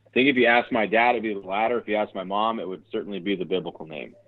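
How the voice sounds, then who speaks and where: A man in his forties calling in as a guest, answering in a friendly, wry, quick way. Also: on the low side, fairly even intonation. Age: 40s. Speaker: guest on the phone. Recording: tinny phone line.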